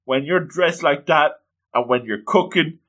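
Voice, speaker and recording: A man voicing a calm teenage schoolboy who speaks earnestly and bluntly. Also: on the high side, unhurried.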